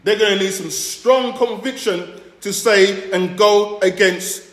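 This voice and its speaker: A man from the Caribbean preaching a sermon as pastor, earnest, often restarting phrases and pausing to qualify his points. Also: high voice, fairly bright tone, roomy sound.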